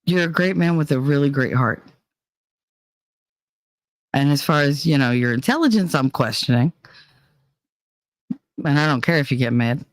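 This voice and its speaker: A woman's voice: sits low, expressive, moderate pace, pauses often, no room sound. A woman hosting a casual livestream chat, venting bluntly and swearing heavily as she talks. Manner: profane, heated and blunt. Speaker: livestream host.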